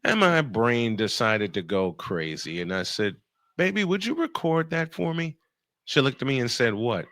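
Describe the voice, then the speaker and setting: Radio host guy, lively pitch, bright sharp tone, dry close sound, laughs a lot while telling stories. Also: dry recording. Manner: animated, laughing, quick bursts of speech. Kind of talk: storytelling in casual chat.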